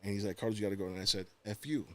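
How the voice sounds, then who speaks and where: A man, a podcast guest telling a personal story in casual chat, animated and acting out the voices of the people in it. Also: fairly low pitch, very fast.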